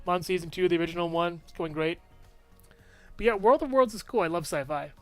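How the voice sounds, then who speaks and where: A man's voice: high voice, fast talker, no echo, faint music behind. A man giving a casual, rambling movie review with lots of enthusiasm and frequent laughs.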